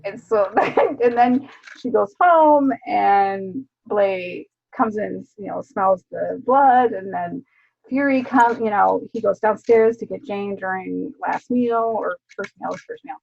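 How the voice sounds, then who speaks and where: A woman co-hosting a casual book club chat, retelling scenes in an animated way with laughs and swearing. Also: mid-range voice, takes it slowly, vocal fry. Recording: dull lo-fi sound.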